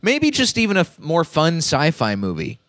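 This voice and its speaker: Podcast guy hosting, deadpan jokes, close dry mic, no room sound. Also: on the high side, moderate pace, dry recording. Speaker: podcast host. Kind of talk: casual podcast chat.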